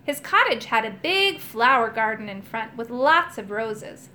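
A woman narrating a children's storybook chapter aloud in an expressive, animated manner. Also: fairly high pitch, measured pace, slight background noise.

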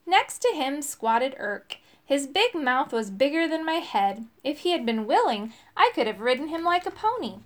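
A woman's voice: high-pitched, sing-song, normal speed, few pauses, fairly bright tone. A woman reading a children's story aloud, giving each character a voice.

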